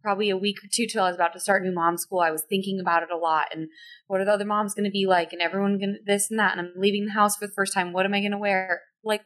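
A woman in her thirties hosting a conversational podcast interview. She talks in loose run-on sentences full of "like", and her voice leaps upward whenever she quotes herself. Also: a bit bright. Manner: chatty, lots of "like", pitch jumps when quoting herself. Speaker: podcast host.

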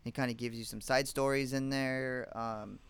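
A man co-hosting a relaxed podcast, dropping joking asides in a smooth, resonant voice. His pitch sits right in the ordinary male middle. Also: normal speed. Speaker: podcast co-host. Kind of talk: casual podcast chat.

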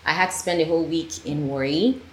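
In a relaxed interview on a podcast, a Nigerian woman filmmaker tells animated stories and performs the voices of those she quotes. She speaks fairly quickly in a low pitch. Faint ambient noise and room echo can be heard.

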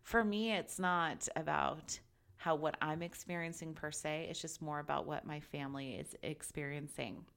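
A woman in her thirties giving casual, chatty advice as a parent, animated and laughing often as she talks. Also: low-pitched, moderate pace, vocal fry. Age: 30s. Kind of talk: casual chat.

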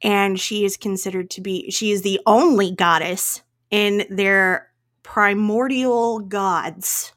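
Taking it slowly with a steady tone, a woman co-hosting a laid-back podcast jokes about her own pronunciation and laughs often. She has a regional accent and a mid-range, fairly bright voice.

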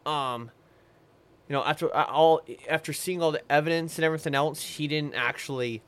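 A man's voice: fairly high pitch, fairly quick, a bit bright, smooth. A man co-hosting a casual history podcast, rambling and hesitant, with jokey asides. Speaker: podcast co-host.

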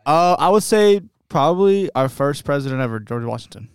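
A man's voice: on the high side, animated, brisk, clean tone, no room sound, studio quality. A young man co-hosting a podcast, chatting casually and often searching for his words. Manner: hesitant, restarts and searches for words. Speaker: podcast co-host. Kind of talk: casual chat.

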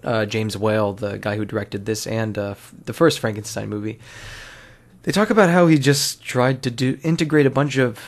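Gravelly man rambling through movie commentary. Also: mid-range voice. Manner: rambling, self-correcting, swears casually. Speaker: film commentator. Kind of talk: casual watch-along movie commentary.

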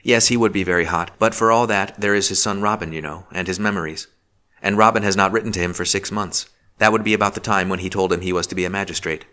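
A man's voice: low voice, fairly even intonation, fast, sharp tone. A man reading the part of a shrewd, determined young woman who speaks earnestly and sharply.

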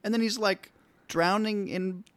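A man in casual movie talk as co-host, excitable and quick to laugh. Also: high voice, no echo.

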